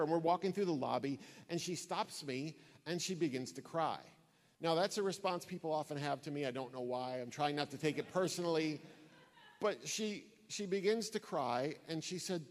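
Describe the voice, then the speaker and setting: A man's voice: on the high side, normal speed, darkish tone, big-room sound. A man giving an earnest sermon-style talk to a church audience, telling stories and repeating key phrases for emphasis. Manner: earnest storytelling, emphatic repetition. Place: church hall before an audience.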